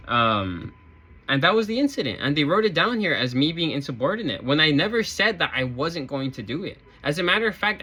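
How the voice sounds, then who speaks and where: A man who works in a retail store tells a story about his job to camera in a casual, sarcastic, rambling, and aggrieved way. His medium-pitched voice is bright, with a forceful tone.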